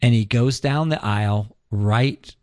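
A man telling an earnest, animated personal story as a guest on a talk show. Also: medium pitch, unhurried, dry recording, studio quality.

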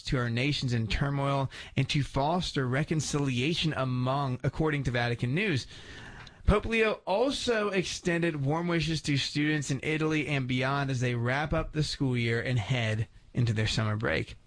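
A man's voice: mid-range voice, normal speed. Upbeat male radio host. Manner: upbeat, enthusiastic interjections. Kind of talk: radio talk show.

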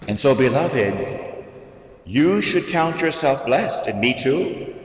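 A man preaching as a priest, slow and dramatic, his voice swinging up and down in pitch. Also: very animated. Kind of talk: sermon. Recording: echoey hall, voice from the mic at a distance.

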